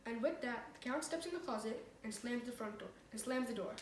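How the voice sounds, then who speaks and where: A woman reads a comic short story aloud in a fairly high voice, livening it up with quick switches into the characters. She sits well back from the microphone in an echoey room with a faint hum behind her. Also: expressive. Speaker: reader. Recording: echoey room, far from the mic.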